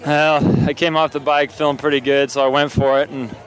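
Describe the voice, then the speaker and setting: A man's voice: a little high, level tone, fairly quick, low-quality recording. A man, a race finisher, exhausted, speaking outdoors.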